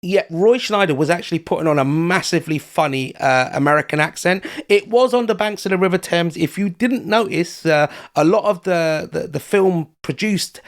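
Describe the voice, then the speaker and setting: An Englishman calling in from his London flat as a comic guest correspondent, telling jokes in a mock-serious way. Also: high-pitched, moderate pace, hardly any pauses. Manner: mock-serious, joking storyteller. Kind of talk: comic call-in banter.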